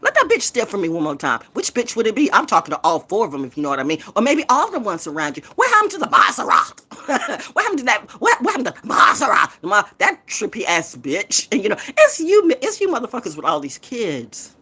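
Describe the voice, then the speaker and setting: A woman's voice: mid-range voice, huge pitch swings, quick pace, pushed and bright, breathy edge. A woman poet who hosts her own show, ranting in a defiant, profane, trash-talking way. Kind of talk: confrontational rant.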